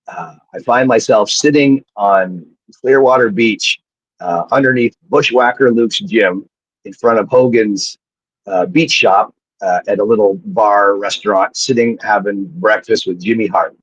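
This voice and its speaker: A man's voice: on the low side, measured pace, breathy edge, dry recording. A man, a former wrestler, telling rambling, profane stories as a guest in casual chat, heard through dull lo-fi remote audio. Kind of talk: casual storytelling.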